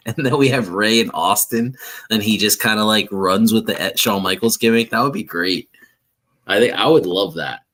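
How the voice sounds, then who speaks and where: A male podcast co-host with a somewhat low but bright, forward voice. He chats casually and eagerly. His speech tumbles out quickly when he gets excited. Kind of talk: casual chat.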